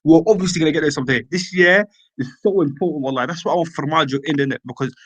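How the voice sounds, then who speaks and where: A young man in casual chat, animated and slangy, stacking filler tags. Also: fairly high pitch, racing, dry recording, lo-fi sound. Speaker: open mic speaker.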